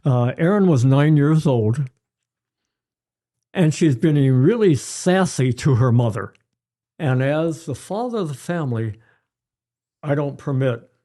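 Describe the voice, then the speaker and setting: An older man, a pediatrician guest, giving parenting advice in an unhurried storytelling way. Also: mid-range voice, warm tone. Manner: unhurried, storytelling, acts out examples. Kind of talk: advice-giving interview chat.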